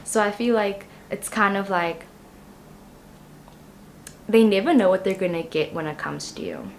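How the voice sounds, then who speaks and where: Speaking a little slowly in a mid-range voice with vocal fry, a young tarot reader talks to camera. She rambles chattily with plenty of ums and you-knows, and there's slight background noise.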